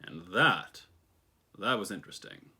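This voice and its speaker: A man with a low voice and a bright, forward tone recounts his own past. His delivery is reflective and unhurried, and now and then he slips in a dry, wry aside. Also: sing-song, slightly rough. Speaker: personal storyteller. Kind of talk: reflective personal storytelling monologue.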